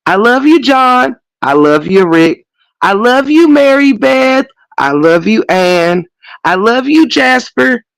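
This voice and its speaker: A man mimicking a sappy old-fashioned family saying good night to each other in a high, singsong mocking tone. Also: very animated, slow, creaky, fairly bright tone, smooth, dry recording, exaggerated voice, rough recording. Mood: mocking sweet.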